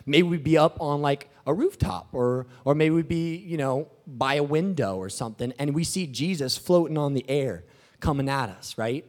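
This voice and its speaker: A man preaching a sermon in an animated, joking, storytelling manner. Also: on the high side, moderate pace.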